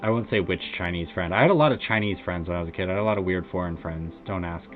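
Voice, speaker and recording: Racing along in a low-pitched voice, an American man on stream tells a loose, rambling story crammed with "uh" and "like" fillers. It's recorded with a tinny, phone-like sound and faint music behind.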